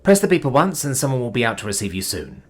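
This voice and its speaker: A gruff, earnest woman chauffeur with a formal, stiff delivery, set a little higher than a normal speaking voice as a husky male narrator puts her on. The pitch moves a lot. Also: very animated, fast.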